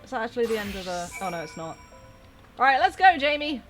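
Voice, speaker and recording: A woman's voice: a little high, very animated, fast, a bit bright, soft background music. A woman streaming a game, chatting casually with lots of fillers. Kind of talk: casual let's-play chat.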